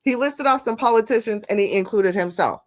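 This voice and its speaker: A woman's voice: on the high side, fairly quick. A woman streaming live, reacting to news clips and chatting with her viewers, blunt and profane, calling them "family". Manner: animated, blunt, profane, talks to chat as "family". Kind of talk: live-stream commentary chat.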